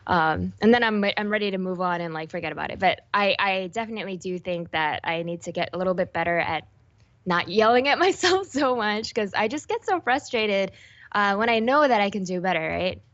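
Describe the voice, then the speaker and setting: A young woman esports host answering interview questions in an animated, self-deprecating way. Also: mid-range voice, fairly quick, highs cut off.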